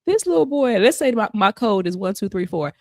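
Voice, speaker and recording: A woman co-host chatting casually on a faith podcast, her pitch leaping up and down as she acts out family stories. The recording is close and dry, with no room sound. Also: a little fast, dry recording. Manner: animated storytelling, acts out quotes. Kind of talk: casual chat.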